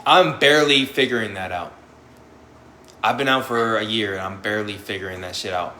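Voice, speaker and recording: A young man who was formerly incarcerated speaks on a live panel about life after prison, candid and blunt, swearing often and acting out how he used to react. His lowish voice is fairly quick, bright and forceful, recorded with reverb and a little hiss or hum.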